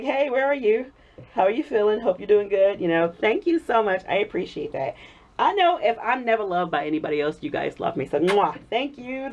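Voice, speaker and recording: A woman vlogger chatting casually while making soap, her voice hoarse from a cold. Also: fairly low pitch. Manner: chatty, warm thanks to viewers, frequent laughs. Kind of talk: casual chat while crafting. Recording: dull lo-fi recording.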